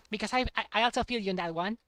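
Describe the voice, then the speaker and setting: Halting young man chatting on stream. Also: high-pitched, bright, forceful tone, no room sound. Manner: halting, repeats words, laughs often. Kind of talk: casual chat while playing a game.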